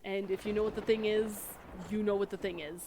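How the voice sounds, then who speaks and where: A woman's voice: mid-range voice, fairly even intonation, a little fast, dark tone, a little hiss or hum. A woman streamer chatting casually and ramblingly while she plays, with self-deprecating asides. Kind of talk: casual gameplay chat.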